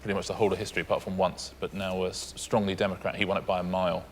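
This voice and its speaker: A man giving dry, quick explanatory asides as co-host of a quiz show. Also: low voice, flat delivery, background noise. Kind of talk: game show commentary. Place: TV studio.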